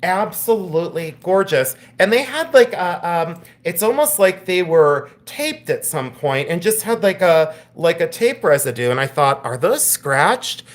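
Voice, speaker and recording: A woman hosting a live-streamed jewelry sale, chatty and gushing, laughing often as she shows pieces. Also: sits low. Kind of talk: live-stream sales chat.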